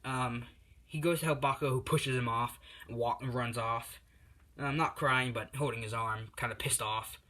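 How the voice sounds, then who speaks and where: A man's voice: medium pitch, steady tone, moderate pace, sharp tone. A man casually telling a fan story, rambling with lots of fillers and restarts.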